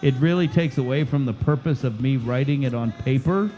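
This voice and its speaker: A man's voice: mid-range voice, normal speed, warm tone, soft background music. Laughing, profane man hosting a podcast. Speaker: podcast host, chef and teacher. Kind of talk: casual podcast chat.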